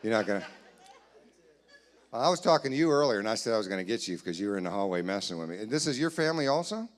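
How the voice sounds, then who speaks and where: A man doing comedy crowd work in a church hall, teasing audience members in quick banter. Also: lowish voice, big pitch swings. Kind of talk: live stand-up crowd work.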